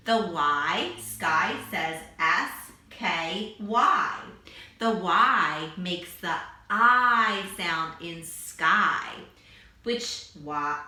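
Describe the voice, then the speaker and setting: A woman teacher walks young children through vowel sounds, stretching each one out slowly. Her voice is bright and clear, but it comes from a distance in a very echoey room. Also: mid-range voice. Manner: slow, drawn-out sounding of letters. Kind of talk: phonics lesson for young children.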